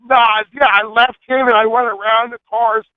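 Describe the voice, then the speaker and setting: A man calling in, telling a wild story in a brash, animated way, swearing and laughing at his own antics. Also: very high voice, moderate pace, smooth, no echo. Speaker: phone-in guest telling a story. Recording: tinny phone line.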